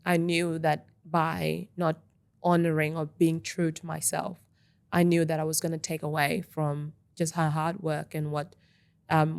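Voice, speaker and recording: Young woman, gravelly low voice, dry close studio sound, energetic chatty guest. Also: no echo. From Australia. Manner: energetic, talkative, frequent "like". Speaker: interview guest. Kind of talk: casual interview chat. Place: podcast studio.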